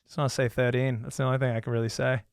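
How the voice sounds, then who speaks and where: A man co-hosting a podcast, jokey and upbeat, thanking guests and reading out shout-outs. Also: mid-range voice, level tone, very fast, creaky, no room sound, studio quality. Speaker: podcast co-host. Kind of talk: casual podcast chat with sign-offs.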